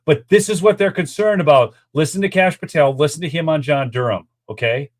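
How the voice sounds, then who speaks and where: A male host ranting to his audience, exasperated and worked up. His voice sits a little higher than most men's, and he keeps addressing viewers directly. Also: fairly quick. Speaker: political commentary host. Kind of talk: ranting commentary over clips.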